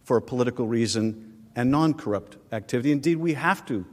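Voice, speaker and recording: A man's voice: medium pitch, fast talker. A man presenting a formal legal argument at a podium microphone in a large chamber, earnest and pressing his points. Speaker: prosecuting manager. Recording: long reverb in large chamber.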